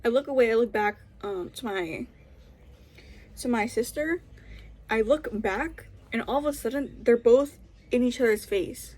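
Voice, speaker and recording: A woman's voice: fairly high pitch, unhurried, darkish tone, slight background noise. A young woman vlogger telling a story in a casual, rambling way, full of restarts and fillers.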